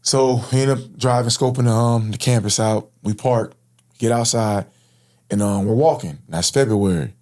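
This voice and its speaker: A man in his thirties from Florida tells his own story as an interview guest. He speaks casually and earnestly, dropping "bro" into his sentences, in an ordinary mid-pitched voice. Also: normal speed, darkish tone.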